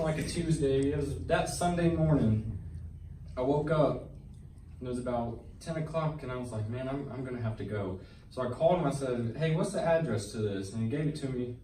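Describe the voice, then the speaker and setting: A man's voice: medium pitch, warm tone. A man giving a personal testimony to a church congregation, retelling a Bible story in earnest, colloquial speech that builds in intensity. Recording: echoey church hall, mic at a distance, faint background noise.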